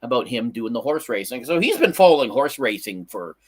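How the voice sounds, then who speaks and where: A man's voice: mid-range voice, a little fast, husky. A man co-hosting a casual live talk show, telling stories animatedly and restarting his sentences often. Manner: animated storytelling with many restarts. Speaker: co-host. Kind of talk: casual chat.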